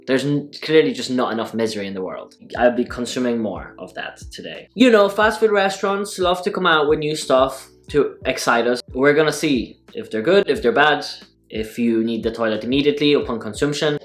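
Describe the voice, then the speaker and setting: A man's voice: medium pitch, a bit bright. A man hosting a casual eating vlog, talking through mouthfuls in a wry, sarcastic way. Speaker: food vlogger. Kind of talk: casual mukbang vlog talk.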